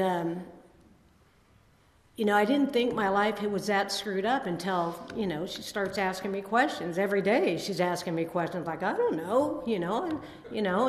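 A woman's voice: medium pitch, slight background noise. Woman in her sixties, recovery testimony, rambling and self-deprecating, roomy hall with a long echo. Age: 60s. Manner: rambling, self-deprecating, many fillers and restarts. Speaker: speaker sharing at a recovery meeting. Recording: echoey hall with long reverb.

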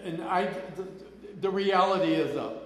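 A man's voice: high-pitched, normal speed, fairly bright tone. Rambling older man telling his story, echoey. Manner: rambling, chatty, laughs often, repeats phrases. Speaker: recovery meeting speaker. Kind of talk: personal testimony storytelling. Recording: echoey hall with long reverb.

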